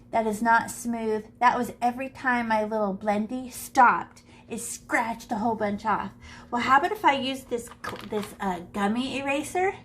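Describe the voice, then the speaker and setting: In a classroom, a woman art teacher gives a live drawing lesson on shading, chatting playfully and talking to herself as she draws. Her voice is fairly high and bright, with slight background noise.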